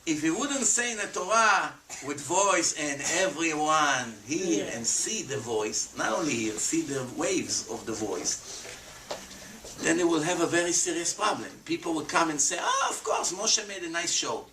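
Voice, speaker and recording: A man, giving an animated lecture to an audience as a rabbi and acting out the voices of skeptics. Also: on the high side, measured pace. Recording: echoey room, voice from far off, faint background noise.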